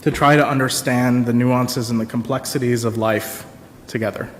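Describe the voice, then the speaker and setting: A man giving a sermon as minister, in a slow, reflective, pausing storytelling manner. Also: medium pitch, steady tone, slight background noise. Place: church sanctuary. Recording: long reverb of a church sanctuary.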